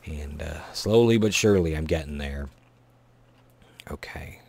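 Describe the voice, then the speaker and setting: A man casually commenting on his own gameplay, often muttering to himself, counting items under his breath and breaking into excited outbursts. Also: a bass voice, unhurried, creaky. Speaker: Let's Play host.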